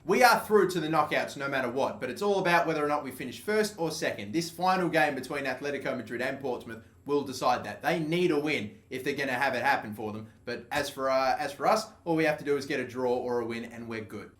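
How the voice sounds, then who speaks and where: A young man commentating his own football video game match, swearing constantly and swinging between exasperation and excited yelling. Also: on the high side. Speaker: gaming channel host. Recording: echoey room with faint background noise.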